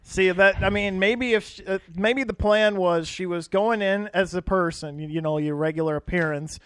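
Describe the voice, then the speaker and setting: High-voiced young man, skeptical. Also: normal speed, clean tone, no room sound. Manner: skeptical, teasing pushback. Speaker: podcast co-host. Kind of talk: casual chat.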